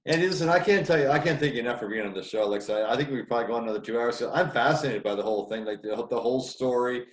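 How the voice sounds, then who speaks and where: A man, a bass player co-hosting a podcast, thanking the guest in a casual, self-deprecating way. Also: very fast, echoey room, a little hiss or hum. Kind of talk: casual chat.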